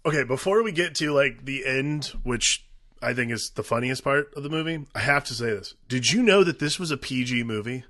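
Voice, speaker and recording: A man's voice: mid-range voice, expressive, brisk, pushed and bright, no room sound, clean studio sound. A man co-hosting a casual movie podcast, sarcastic, swearing and acting out mock quotes. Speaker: podcast co-host. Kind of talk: casual movie review chat.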